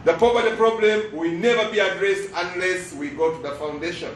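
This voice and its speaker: A man's voice: high voice, steady tone, a little fast, a little hiss or hum. A middle-aged man with a Ugandan English accent gives an emphatic address and has the audience finish his lines. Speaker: guest speaker, lecturer. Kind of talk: preaching address with call-and-response. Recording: echoey hall, voice from far off.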